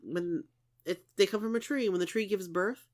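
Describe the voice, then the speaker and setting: A woman's voice: medium pitch, moderate pace, a little mellow. A woman in her thirties co-hosting a podcast, chatting casually and rambling with lots of "like" and restarts. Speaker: podcast co-host. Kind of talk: casual chat.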